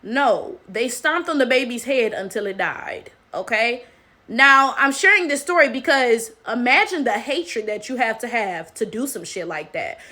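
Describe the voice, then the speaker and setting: Bright high-voiced woman, emphatic commentary. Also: lively intonation, measured pace. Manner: emphatic, repeats "right?" as tag question. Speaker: commentary channel host. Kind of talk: casual commentary monologue.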